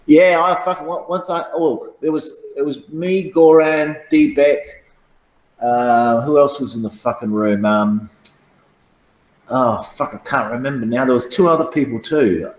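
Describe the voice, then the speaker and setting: A man's voice: mid-range voice, a little slow, roomy sound, poor audio. A man telling profane, boastful stories in casual chat, often laughing at his own tales. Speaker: channel host.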